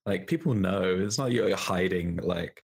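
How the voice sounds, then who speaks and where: Low-voiced man in casual chat. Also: gravelly, slightly rough. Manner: chatty, laughs while talking, quick asides.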